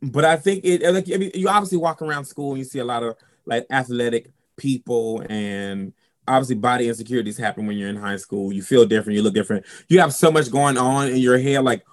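A man's voice: mid-range voice, fast talker. A man from South Carolina with a Southern US accent, a drag performer telling stories in an interview with sass and flair. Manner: sassy, expressive, sprinkles in "honey" and "girl". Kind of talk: candid storytelling interview.

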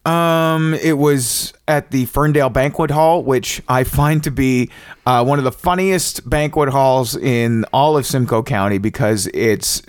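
A man's voice: medium pitch, unhurried, clear, resonant tone, dry recording, clean studio sound. A Canadian man hosting a podcast, chatting casually and joking with his guest. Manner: joking, rambling with fillers. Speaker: podcast host. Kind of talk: casual interview chat.

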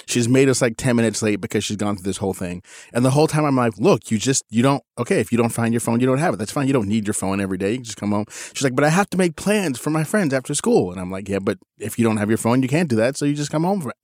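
A man's voice: rapid-fire, hardly any pauses, dry recording, clean studio sound. A man in his forties telling a casual story about his teenagers, acting out the quotes with sudden leaps in his voice. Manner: animated, acts out quotes with big pitch jumps. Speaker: podcast co-host.

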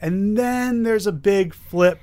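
A man co-hosts a casual chat and retells a story with animated energy. His voice sits a touch higher than most men's. He chuckles now and then as he talks. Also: takes it slowly. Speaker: podcast co-host. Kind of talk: casual chat reviewing comics.

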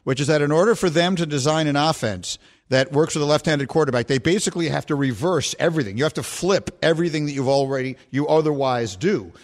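Lively-pitched rambling sports radio host. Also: male voice, fast talker. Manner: rambling, easily sidetracked, joking. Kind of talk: casual sports talk.

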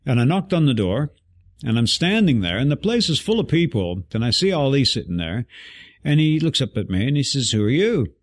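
A man guest telling an animated story in an interview, acting out the voices of people he quotes. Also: medium pitch, brisk.

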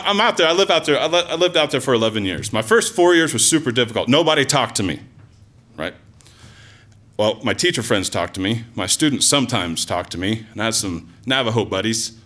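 A man telling a personal story live to an audience, in an animated, conversational way with lots of asides and fillers. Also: lowish voice. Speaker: storyteller, former teacher.

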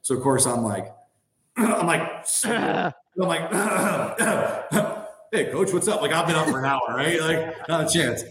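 A man's voice: on the high side, animated, slow pace, fairly bright tone, roomy sound. A man in his thirties, a podcast guest and former hockey player, telling a long story in a rambling, filler-heavy way. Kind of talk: casual anecdote telling.

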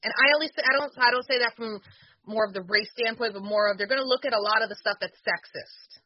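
A woman's voice: on the high side, quick pace, no room sound, highs cut off. A woman who used to wrestle, talking bluntly on a casual podcast. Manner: blunt, argumentative. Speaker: former wrestler, podcast co-host.

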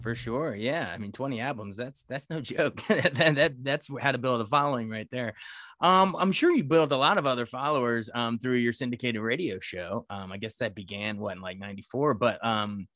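A male interviewer with a medium-pitched voice talks in a casual, meandering way, full of fillers and quick laughs. The recording is dry, with no room sound around him. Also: fairly bright tone, no room sound. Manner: casual, rambling, laughs easily. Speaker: entertainment reporter, interviewer. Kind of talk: conversational interview.

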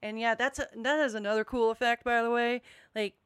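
Smooth woman on a music podcast, dry sound, kinda rambly with restarts. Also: a little high, steady tone, a little fast, fairly bright tone, no room sound. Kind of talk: casual chat.

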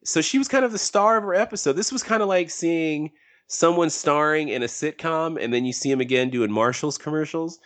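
A man co-hosting a casual podcast discussion, who rambles with animated emphasis. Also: a little high, a little fast. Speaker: podcast co-host.

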